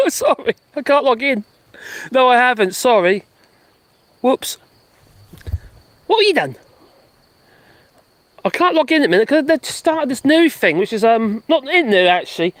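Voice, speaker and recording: A host rambles through a casual live stream outdoors in a garden. The voice swings widely in pitch and laughs often. The sound is dry, with little room around it. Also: a bit bright, dry recording. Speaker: livestream host.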